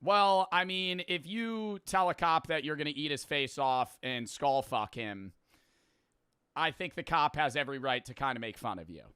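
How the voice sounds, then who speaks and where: Male streamer, casual reaction talk, bright crisp voice, dry close mic. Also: a little high, normal speed, dry recording. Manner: animated, joking, with quoted asides.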